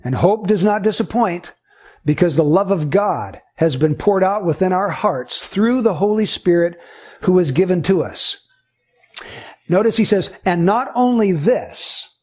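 A man's voice: high-pitched, animated, unhurried, a little mellow, husky. A man preaching a sermon, reading scripture aloud and teaching earnestly through rhetorical questions.

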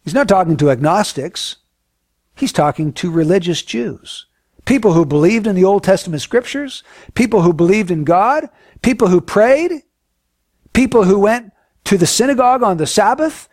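A man preaching a sermon in an earnest, emphatic way, often dropping to a hushed, solemn tone. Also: high-pitched, expressive, moderate pace, no echo, clean studio sound.

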